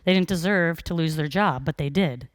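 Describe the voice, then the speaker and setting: A woman's voice: deep voice, moderate pace, no echo. A young woman preaching a sermon in a conversational, storytelling way, with frequent fillers.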